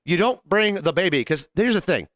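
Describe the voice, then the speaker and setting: A fast-talking man co-hosting a podcast, with a slightly high voice that swings up and down a lot as he tells his stories. He swears freely for emphasis. The sound is dry and close. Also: no room sound. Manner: animated storytelling, swearing for emphasis. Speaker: podcast co-host. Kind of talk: casual chat.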